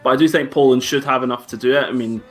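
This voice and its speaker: A man, a guest on a casual live-streamed football chat, upbeat and halting, full of fillers. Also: mid-range voice, fairly even intonation, fairly bright tone, faint music behind. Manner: upbeat, hesitant, many fillers and restarts. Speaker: guest pundit.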